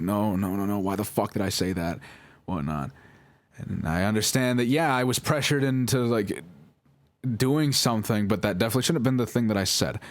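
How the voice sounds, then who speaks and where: A man's voice: lowish voice, no echo. A young man telling a personal story in a rambling, apologetic way, full of fillers and restarts. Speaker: vlogger. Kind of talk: casual storytelling.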